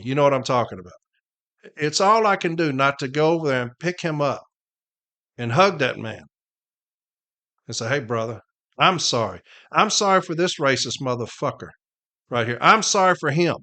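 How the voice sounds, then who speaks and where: A man hosting a podcast, telling a story in an impassioned, preacherly way and repeating phrases for emphasis, moving between hushed slow passages and loud fired-up bursts. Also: a little high. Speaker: podcast host, union representative.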